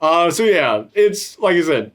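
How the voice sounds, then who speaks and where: A man's voice: on the high side, big pitch swings, a little slow. A man hosting a casual film-review chat, rambling and swearing freely. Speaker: podcast host reviewing a film.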